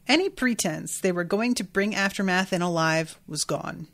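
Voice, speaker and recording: A woman's voice: on the low side, moderate pace, few pauses, fairly bright tone. A woman hosting a podcast, reading passages from a book aloud and reacting to them candidly with frank asides and casual swearing. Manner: candid and irreverent, swears freely, rhetorical questions. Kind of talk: casual chat mixed with read-aloud passages.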